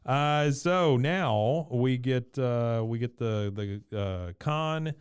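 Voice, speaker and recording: Male podcast co-host, smooth clear voice, chatty episode recap with quoted lines. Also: mid-range voice, very slow, dry recording, studio quality. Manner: retells scenes quoting lines, laughs often. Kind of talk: casual chat recapping an episode.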